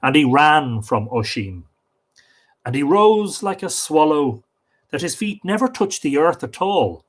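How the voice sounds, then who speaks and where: Expressive male storyteller. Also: on the high side, unhurried. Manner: expressive reading with joking asides. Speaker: storyteller and stream host. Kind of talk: live myth reading.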